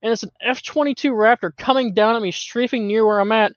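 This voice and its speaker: Man, high voice, lively storyteller, dry and dull lo-fi voice chat, laughs easily. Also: a little fast, dry recording. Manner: animated, laughs often, uses filler words. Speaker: podcast guest, longtime community member.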